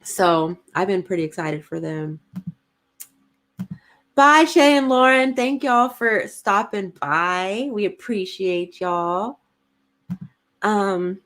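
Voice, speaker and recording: A woman chats her way through a casual livestream, giggling often as she reads viewers' comments out loud. She takes her time, drawling at a slow and unhurried pace. Her pitch sits right in the middle for a woman. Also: animated. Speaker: podcast co-host reading live chat.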